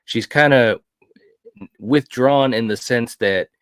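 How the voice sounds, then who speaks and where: A man's voice: medium pitch, slow, smooth, no room sound. A man co-hosting a film review podcast, chatting casually and enthusiastically about a horror movie. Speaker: podcast co-host.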